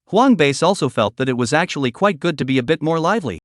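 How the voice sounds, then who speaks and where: Lively, fairly high male recap narrator. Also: a little fast, hardly any pauses, no echo, clean studio sound. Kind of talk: scripted story recap narration.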